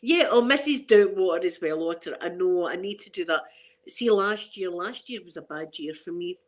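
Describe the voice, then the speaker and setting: This Scottish ASMR host, a woman in middle age, has a lowish, animated voice and speaks at a moderate pace. She rambles chattily to her viewers, often restarting and laughing as she goes.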